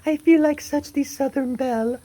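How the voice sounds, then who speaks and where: A woman's voice: high voice, normal speed, mellow, close to an everyday voice, poor audio. A woman voicing a theatrical, gushing would-be Southern belle in an amateur audio drama, with a flouncy, sugary manner.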